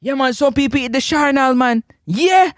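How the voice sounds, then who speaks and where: A man's voice: extremely high pitch, moderate pace, no echo, studio quality. A man with a Jamaican accent hosting a live sports talk stream, teasing viewers playfully and laughing often.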